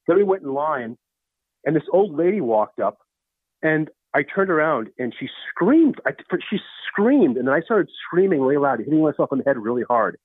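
A man's voice: a little high, big pitch swings, moderate pace, slightly rough, dry recording. A man in his fifties, a guest telling stories casually in a rambling way with many restarts. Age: 50s. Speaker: guest storyteller. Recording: tinny phone-like line.

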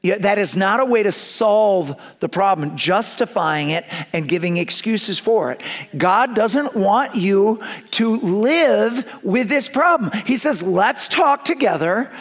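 A man preaching a sermon in a fairly high voice. He talks earnestly and conversationally, slipping into quick asides, then settling back into steady reading. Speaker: pastor.

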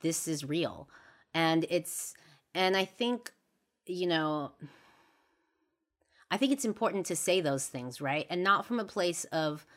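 A woman's voice: lowish voice, takes it slowly, long pauses, fairly bright tone. A young adult woman hosting a podcast, talking candidly and earnestly in a reflective monologue full of fillers and restarts. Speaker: podcast host.

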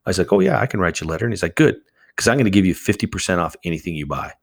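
A man telling a story as a guest in an interview, acting out the quoted exchanges with animated voices. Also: sits low, rapid-fire, gravelly. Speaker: charity founder, guest.

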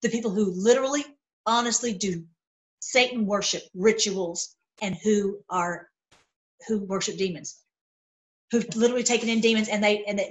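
Brief: middle-aged woman, high voice, impassioned solo commentary, stumbling restarts. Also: fairly bright tone, poor audio. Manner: impassioned, heated, repetitive restarts. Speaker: video commentator. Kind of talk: casual opinion monologue.

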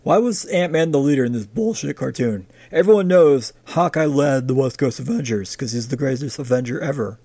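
A man's voice: medium pitch, a little fast, few pauses, warm tone, no echo. A man co-hosting a casual podcast chat, sarcastic and swearing freely. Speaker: podcast co-host.

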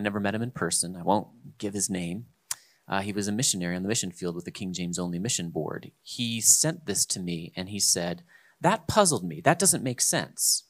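A man with a somewhat low voice hosts a relaxed spoken discussion. He lectures with emphasis, pushing hard on key words and then dropping to quieter asides. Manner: emphatic, lecturing, swings between loud stresses and quiet asides. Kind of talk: casual podcast discussion.

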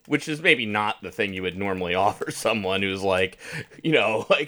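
Lively jokey podcast co-host. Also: mid-range voice, normal speed. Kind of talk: casual recap chat.

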